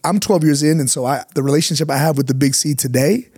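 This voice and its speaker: A middle-aged man, a pastor, telling a personal story in casual chat, animated and jumping high in pitch when he acts out his younger self. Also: fast talker, husky, no echo, studio quality.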